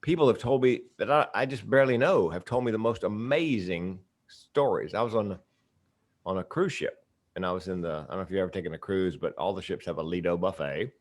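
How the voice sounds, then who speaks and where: Deep-voiced middle-aged man telling stories. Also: fairly quick. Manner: lively raconteur, punchy comic timing. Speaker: podcast guest, comedian and speaker. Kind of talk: casual storytelling in an interview.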